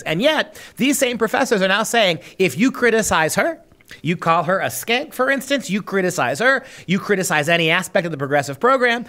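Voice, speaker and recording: A man's voice: high voice, very animated, fairly quick, pushed and bright. A man hosting a podcast, delivering opinionated commentary in a sarcastic, mocking tone. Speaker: podcast host.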